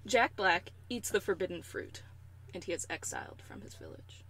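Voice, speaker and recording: Playful, lively-voiced podcast guest. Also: medium pitch, moderate pace, creaky, slightly rough, poor audio. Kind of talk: casual chat.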